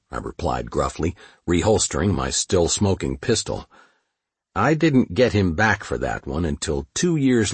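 A man narrating a first-person war memoir in a measured, matter-of-fact way. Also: low-pitched, breathy edge, dry recording. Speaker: audiobook narrator.

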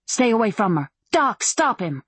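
A woman voicing a hard, sharp-tongued woman who runs a saloon, speaking sharply and ranting. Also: a little high, big pitch swings, moderate pace, breathy edge, no echo, voice pushed up, exaggerated voice.

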